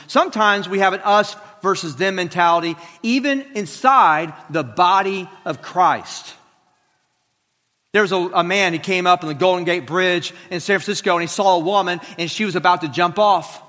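A man delivers a sermon in a high, bright voice that rings out through a large hall with a long reverb. He tells stories, acts out the dialogue and drops in joking asides. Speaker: pastor.

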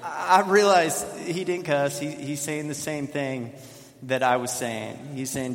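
High-voiced pastor preaching in a reverberant sanctuary. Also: male voice, unhurried. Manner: storytelling, self-deprecating, animated. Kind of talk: sermon. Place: church sanctuary. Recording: long hall reverb.

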